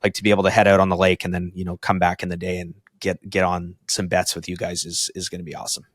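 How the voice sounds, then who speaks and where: A man in his thirties co-hosting a podcast, telling rambling, excitable stories full of fillers and swearing. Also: sits low, fast talker, no echo, studio quality. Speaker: podcast co-host. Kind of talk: casual chat.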